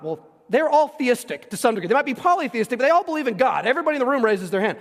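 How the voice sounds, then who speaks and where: A man preaching an expository sermon, animated and emphatic, acting out the voices of the people in the passage and asking rhetorical questions. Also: very high voice, racing, few pauses, big-room sound. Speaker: pastor.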